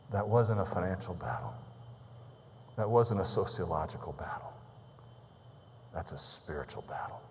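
A man preaching a sermon as a pastor, telling a story that grows quiet and solemn and ends in prayer. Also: low-pitched, big-room sound, slight background noise.

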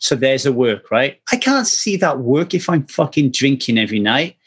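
A man's voice: mid-range voice, very animated, moderate pace, slightly rough. Earnest man in candid chat. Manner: earnest, swears casually, repeats words as he restarts; acts out quoted speech animatedly.

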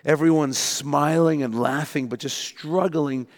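A man preaching a sermon, telling the story with lively, animated delivery. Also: on the high side, unhurried, big-room sound. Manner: animated storytelling, acting out panicked voices. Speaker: pastor.

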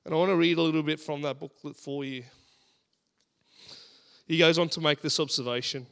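An Australian man in his thirties preaching a sermon, telling stories in an animated, humorous way. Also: on the high side, brisk, creaky, long pauses.

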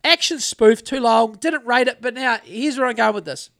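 A man's voice: very high-pitched, moderate pace, creaky, fairly bright tone. A middle-aged man, hosting a podcast and telling rambling, sweary stories in a laid-back way. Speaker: podcast host. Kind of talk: casual chat.

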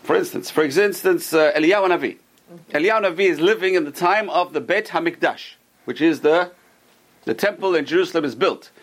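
Animated man teaching a Torah class. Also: a little high, brisk. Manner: animated storyteller, asks the listeners questions. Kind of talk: Torah class to a small group.

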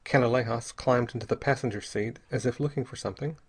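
Man, audiobook narrator, steady even reading, mid pitch. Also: quick pace, breathy edge. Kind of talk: scripted narration.

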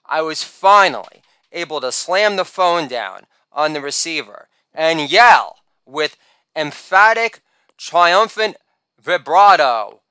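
A man narrating a comic memoir in a wry, rapid-fire storytelling manner, breaking into shouted catchphrase bursts. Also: fairly high pitch, animated, smooth, dry recording.

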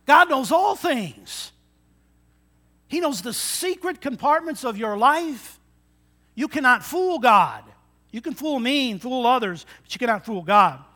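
A man in his sixties, a pastor preaching a sermon, swinging between loud emphatic lines and quiet asides. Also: extremely high pitch, big pitch swings, measured pace. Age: 60s.

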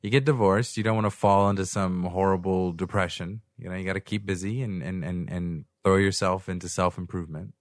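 A man's voice: low voice, fairly even intonation, a little fast, hardly any pauses, no room sound, clean studio sound. A young man hosting a podcast in casual chat, rambling and joking, laughing often. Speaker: podcast host. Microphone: studio microphone.

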